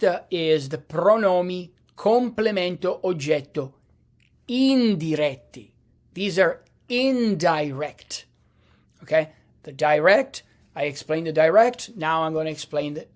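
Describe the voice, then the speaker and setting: A man teaching a lesson, patient and halting, often restarting a phrase and checking in with the listener. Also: fairly high pitch. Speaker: language teacher. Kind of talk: explaining a lesson.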